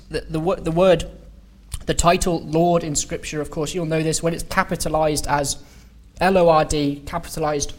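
A man preaching at a meeting, unhurried and halting, often restarting phrases and drawing out key words for emphasis. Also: on the high side. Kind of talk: sermon-style Bible study talk. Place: meeting hall.

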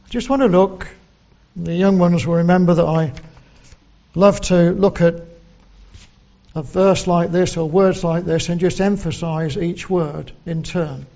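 A man preaching a sermon, slow and deliberate, quoting scripture in old English. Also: high-pitched, steady tone, gravelly, mellow, highs cut off.

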